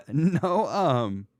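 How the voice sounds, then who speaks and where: A man hosting a podcast in casual chat, rambling and joking in an animated way. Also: on the high side, no echo, studio quality. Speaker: podcast host.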